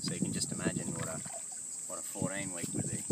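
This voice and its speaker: An excitable young Australian man explains a crab catch outdoors in an easygoing, informal way. He is picked up by a camera mic some distance off, and loud outdoor noise runs underneath. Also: low-pitched, quick pace. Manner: excited, exclaims loudly when handling crabs. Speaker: co-host. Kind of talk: casual outdoor crabbing video. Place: outdoors by an estuary.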